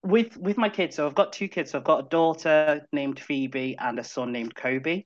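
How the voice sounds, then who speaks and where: A man's voice: a little high, moderate pace, lo-fi sound. A man in his thirties from Zambia, a podcast guest talking in an upbeat, chatty way with many restarts. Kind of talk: casual chat.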